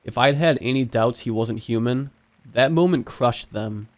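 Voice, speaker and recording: A man narrating a scary story in a steady, measured storytelling voice. His pitch sits in the middle range for a man, and his delivery stays even and scripted.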